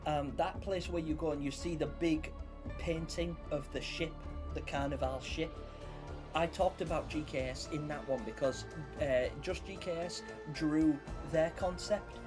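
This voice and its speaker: A man's voice: a little high, steady tone, unhurried. A young man hosting a live stream, chatting casually and rambling as he greets viewers by name. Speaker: livestream host. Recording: faint music behind voice.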